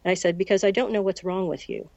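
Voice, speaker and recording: A woman in her sixties from the United States, recounting a personal story as an interview guest in a measured way and acting out the dialogue. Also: mid-range voice, gravelly, dark tone, dry recording. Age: 60s. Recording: dull, lo-fi recording.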